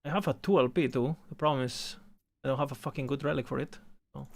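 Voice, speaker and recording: Gravelly, swearing male gaming streamer. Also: medium pitch, fast talker. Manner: animated, playful, swears often. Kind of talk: casual game commentary.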